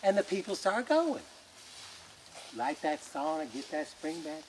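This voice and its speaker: A man telling a folk tale aloud in a lively, folksy way, with colloquial asides to listeners. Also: on the high side, measured pace, slight background noise. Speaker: storyteller. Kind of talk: oral folk storytelling.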